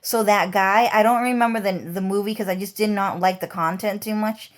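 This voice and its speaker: A woman's voice: mid-range voice, steady tone, fairly quick. A woman vlogger talking in a rambling, heated monologue, swearing often.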